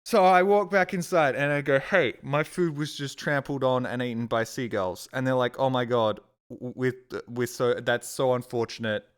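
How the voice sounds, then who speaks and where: Swearing man with a smooth voice. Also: mid-range voice, moderate pace, hardly any pauses. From Australia. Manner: rambling, swearing, frustrated. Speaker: streamer. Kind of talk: casual storytelling.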